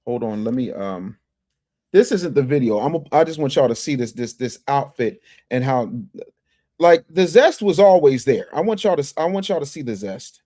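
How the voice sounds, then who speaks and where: A man hosting a casual livestream, reading viewer chats and commenting in an animated, emphatic way that repeats phrases and restarts often. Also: mid-range voice, normal speed. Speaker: livestream news commentary host.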